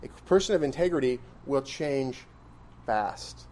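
A man's voice: medium pitch, lively intonation, unhurried, darkish tone, a little hiss or hum. A man preaching an expository sermon in a conversational style, questioning his listeners and pressing points with emphatic rises. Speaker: pastor.

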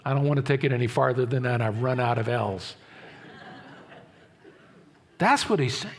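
A man pastor preaching a sermon, emphatic, repeating key phrases slowly and asking the congregation questions. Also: medium pitch.

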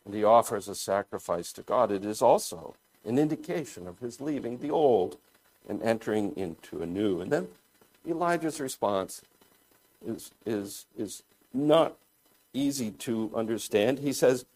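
A man preaching a sermon, deliberate and thoughtful, often pausing and restarting his phrases as he explains scripture. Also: on the low side, animated, darkish tone. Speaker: pastor.

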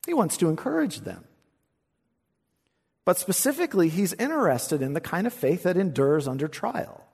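A pastor preaching an expository sermon in a church, swinging between emphatic lines and hushed asides and asking rhetorical questions. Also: male voice, high voice, sing-song, moderate pace, gravelly, husky, big-room sound. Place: church sanctuary.

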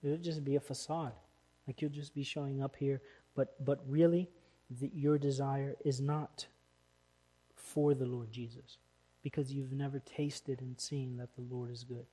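A man's voice: mid-range voice, steady tone, unhurried. A man preaching a sermon in church as pastor, with emphatic, building stresses. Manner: emphatic, rising to loud stresses.

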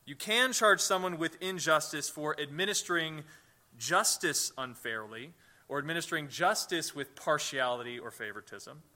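Bright-voiced man teaching a sermon. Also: on the high side, normal speed. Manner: conversational, repeats words when starting sentences; asks the listeners rhetorical questions. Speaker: pastor.

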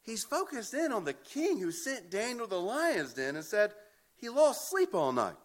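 A man's voice: high voice, sing-song, moderate pace. A man preaching an expository sermon, emphatic and often repeating words as he builds a point. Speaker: pastor.

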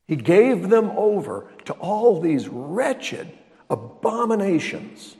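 An older man preaching a sermon as pastor, emphatic, swinging between loud exclamations and quiet asides. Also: high-pitched, very animated, takes it slowly. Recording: long reverb of a large hall.

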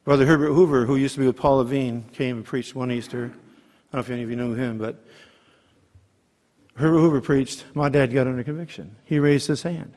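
A man's voice: mid-range voice, a little fast, darkish tone. Emphatic preacher man, hall echo. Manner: emphatic, calls for amens and asks rhetorical questions. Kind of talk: sermon. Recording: long hall reverb.

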